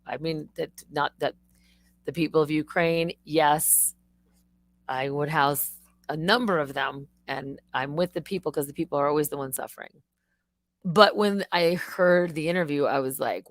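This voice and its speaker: Excitable woman live streamer, rambling chat. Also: deep voice, moderate pace, dry recording. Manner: excitable, rambling, swearing, laughs often.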